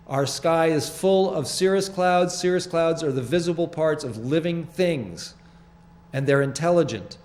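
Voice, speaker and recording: A man's voice: a little high, darkish tone. Rambling older man hosting a studio show. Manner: halting, rambling, earnest explanations. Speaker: show host presenting his sky photographs. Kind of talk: casual studio talk. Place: small public-access TV studio.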